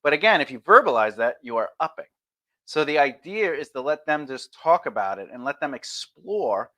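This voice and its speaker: A man's voice: fairly high pitch, very animated, normal speed, sharp tone. A man streaming a casual lesson on conversation skills, talking loosely and acting out example replies.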